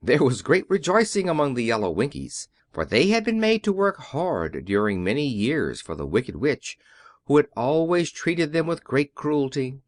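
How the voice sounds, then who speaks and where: A man reading a classic children's story aloud as an audiobook narrator, in a measured storytelling way. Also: mid-range voice, huge pitch swings, no room sound, studio quality. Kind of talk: scripted narration.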